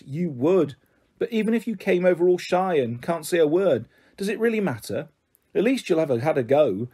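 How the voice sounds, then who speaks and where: A man's voice: high-pitched, a little mellow, husky, full character voice. A man reading the part of a kind, patient older man who talks in a coaxing, reassuring way. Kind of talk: audiobook character voice.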